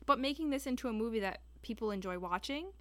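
A woman's voice: fairly high pitch, expressive, fast talker, a bit bright. Young woman, podcast co-host, casual chat, rambly delivery. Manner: rambling, many restarts and fillers.

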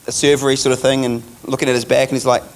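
A man's voice: mid-range voice, level tone, rapid-fire. A man preaching a sermon, telling a vision story in a casual, chatty way and laughing along.

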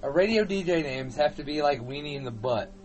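A man co-hosting a casual podcast, loud and jokey, slipping into silly voices. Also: animated, normal speed, faint music behind, low-quality recording. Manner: loud, jokey, breaks into shrill put-on voices. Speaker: podcast co-host. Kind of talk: casual chat.

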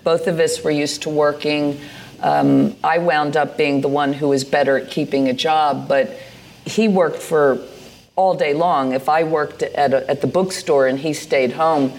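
A woman's voice: deep voice, steady tone, a little slow, darkish tone. Woman in her sixties, stage interview guest, rambling hesitant storyteller at a venue microphone. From United States. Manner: meandering storyteller, hesitant with many fillers and restarts. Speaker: interview guest, poet and artist. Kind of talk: live on-stage conversation, storytelling. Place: live venue stage with an audience.

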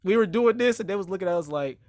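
A man's voice: high-pitched, animated, rapid-fire, a little mellow, dry recording, studio quality. Slangy young man telling a rambling story. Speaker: podcast host, aspiring actor. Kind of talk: casual chat.

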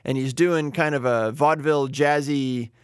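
A man's voice: medium pitch, fairly even intonation, normal speed, smooth, no room sound, clean studio sound. A man hosting a podcast alone, talking casually with wry, rambling, self-deprecating asides. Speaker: podcast host. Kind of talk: casual solo podcast talk.

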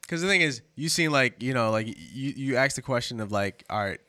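Male co-host, bright forceful tone, dry sound, stammers and repeats himself. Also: medium pitch, lively intonation, dry recording. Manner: halting, repeats words, hesitant. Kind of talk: casual chat.

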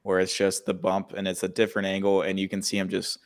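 A man's voice: low-pitched, monotone, quick pace. A man on a casual sports podcast, blunt and matter-of-fact.

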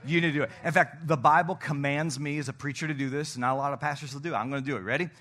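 Brief: male pastor preaching, fairly high and bright voice, energetic and playful, coaxing the congregation from a church stage. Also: racing. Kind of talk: sermon.

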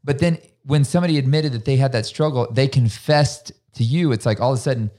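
Middle-aged male host, dark mellow tone, thoughtful, conversational. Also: mid-range voice, fast. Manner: thoughtful, conversational, quoting scripture. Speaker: podcast host. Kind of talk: casual faith podcast chat.

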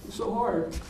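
An older man, a minister, giving a sermon in a gentle, reflective storytelling manner with pauses. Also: high-pitched, noisy background. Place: church sanctuary. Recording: distant voice in an echoey sanctuary.

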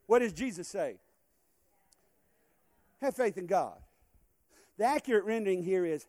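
A man's voice: high-pitched, moderate pace, pauses often, no echo, studio quality. A man preaching a sermon as guest speaker in a church, calling on the congregation to respond. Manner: animated, calls on the congregation to respond. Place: church hall.

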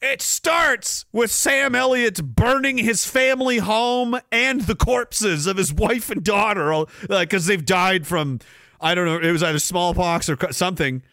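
A man's voice: high-pitched, unhurried, bright, forceful tone, no echo, clean studio sound. A man hosting a live stream podcast, ranting sarcastically and acting out quoted voices. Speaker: podcast host.

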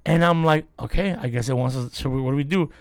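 A man's voice: medium pitch, quick pace, dry recording. A man hosting a casual podcast, telling a story with lots of swearing and acted-out quotes. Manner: animated, acts out quotes, swears freely.

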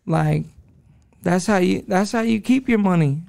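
High gravelly man swearing in street slang. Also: unhurried, a little mellow, no echo, studio quality. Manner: profane street slang, calls listener dog. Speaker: podcast guest. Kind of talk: casual interview storytelling.

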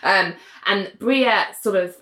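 A woman's voice: mid-range voice, slow pace, roomy sound. A woman in casual chat on a podcast, animatedly recapping a show and acting out its lines. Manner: chatty, animated, acts out the lines with voices.

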